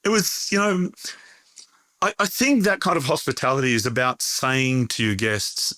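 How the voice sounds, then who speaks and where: A man's voice: medium pitch, a little slow, sharp tone, clear, resonant tone, no room sound. A middle-aged man talking as an interview guest, a chatty storyteller who restarts his sentences and laughs often. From Australia. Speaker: interview guest, bakery owner. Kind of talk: conversational interview.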